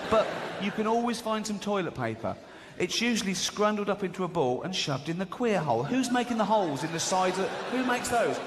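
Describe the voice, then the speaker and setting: English comic with a lively, climbing voice. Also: male voice, a little fast, few pauses. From England. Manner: swings into high squeaky exclamations and impressions. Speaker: stand-up comedian. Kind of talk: stand-up comedy set. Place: large theatre stage before a laughing audience. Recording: live hall recording with audience noise.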